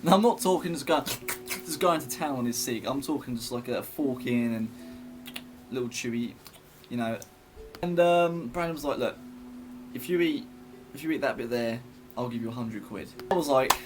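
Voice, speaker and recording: A young man telling a story in a casual vlog, rambling and chatty with many fillers and restarts. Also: mid-range voice.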